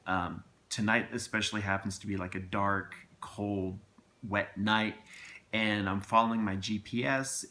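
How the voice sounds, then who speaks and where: A man's voice: lowish voice, pushed and bright. A man telling a personal story to camera in a casual, rambling and earnest way, with many restarts and asides.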